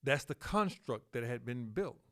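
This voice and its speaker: A man hosting a solo podcast, talking slowly with fillers and self-corrections, and pushing up on key words for emphasis. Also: mid-range voice, expressive, a bit bright. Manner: slow, halting delivery with fillers and self-corrections. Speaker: podcast host.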